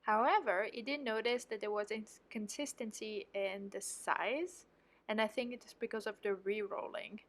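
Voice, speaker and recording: A woman's voice: mid-range voice, steady tone, normal speed. A woman with a French accent, chatting through a voice-over of her home baking and explaining her mistakes as she goes. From France. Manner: chatty, explanatory, self-critical. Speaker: home baker and channel host.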